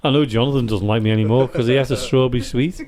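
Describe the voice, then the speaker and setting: A man's voice: medium pitch, racing, over music. A man hosting a podcast, telling an anecdote in casual chat and acting out what people said. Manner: animated anecdote-teller, acts out quoted voices, laughs easily. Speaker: podcast host. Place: studio.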